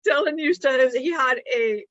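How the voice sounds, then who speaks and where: High, bright woman telling rambling stories. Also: normal speed, no echo, dull audio. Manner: rambling storyteller, restarts often. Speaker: podcast co-host. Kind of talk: casual chat.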